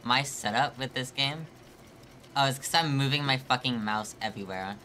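Male streamer, mid pitch, bright tone, live gameplay commentary full of curses and nervous laughs. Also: normal speed, slight background noise. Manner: frequent swearing, laughing through frustration; talks to chat, thinking aloud. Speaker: game streamer.

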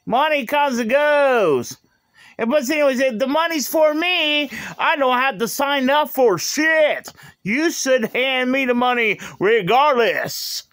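Slow, high-voiced man ranting. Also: expressive, fairly bright tone, no echo, studio quality. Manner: aggrieved, repetitive, confrontational. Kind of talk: angry rant to camera. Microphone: phone.

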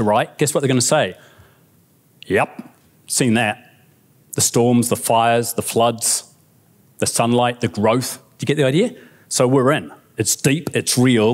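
A man with a New Zealand accent giving a lively, conversational keynote talk on stage, often checking in with the audience. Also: mid-range voice. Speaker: conference speaker. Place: conference stage.

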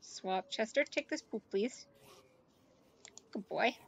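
High-voiced woman narrating her gameplay. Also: takes it slowly, a little hiss or hum. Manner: chatty, talks to game characters, gushes excitedly. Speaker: gaming YouTuber. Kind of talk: let's play commentary.

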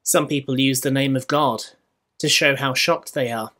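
A man with a Scottish accent preaching a sermon in church, measured and rhetorical, with dry humour. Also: mid-range voice, steady tone, pushed and bright. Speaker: minister.

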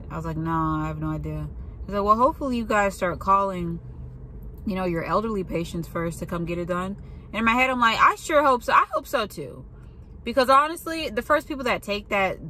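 A woman's voice: medium pitch, bright, forceful tone, slight background noise. A young woman who works in a pharmacy, ranting in a blunt, profane and sarcastic way in a casual monologue. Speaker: pharmacy worker venting.

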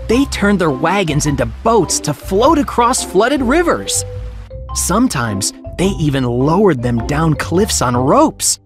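A woman's voice: on the low side, voice pushed down. A woman voicing a shy, earnest young schoolboy in a children's storybook. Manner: earnest, explaining. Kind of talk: storybook character voice.

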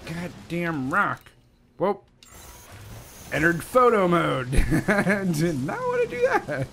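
A man giving casual, sarcastic let's-play commentary, animated and swearing often. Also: high voice, slow, slight background noise. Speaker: gaming video host.

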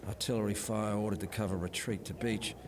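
A man voices a grave army officer in a war game, delivering orders formally. His voice is very deep, with faint battle ambience behind. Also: fairly even intonation, brisk, noisy background, close to an everyday voice. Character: grim male army officer reading orders. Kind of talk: video game dialogue.

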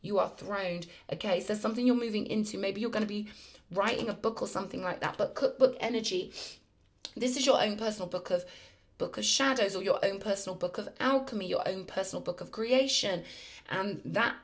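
Woman, tarot reader, effusive, emphatic, chatty, mid-pitched voice. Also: fairly quick. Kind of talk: spiritual tarot reading to camera.

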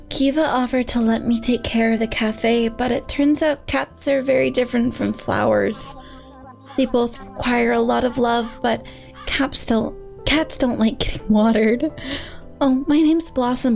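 A woman's voice: fairly high pitch, unhurried, creaky, a little mellow, faint music behind, voice pushed up. A woman voicing a sweet, earnest young female gardener in a game, chatty and stumbling over her words.

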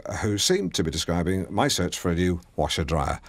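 A man's voice: sits low, normal speed, no echo. A man hosting a comedy radio show, pompous and blundering, often stumbling over his words. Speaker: radio presenter.

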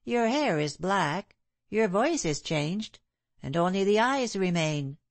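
A woman voicing a stubborn, indignant London landlady in an audiobook, insistent and sharp-tongued. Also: lowish voice, takes it slowly, dry recording. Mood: puzzled.

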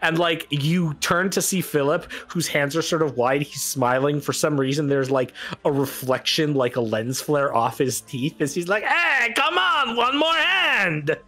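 A man narrating as game master for a tabletop game, animated and chatty. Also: on the high side, moderate pace, few pauses. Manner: animated, rambling with "like".

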